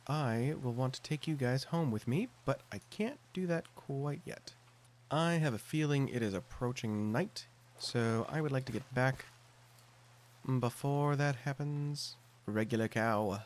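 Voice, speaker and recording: A man's voice: mid-range voice, unhurried. Chatty man narrating his gameplay. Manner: chatty, thinks aloud with self-mocking asides. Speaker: gameplay commentator. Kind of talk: casual let's-play commentary.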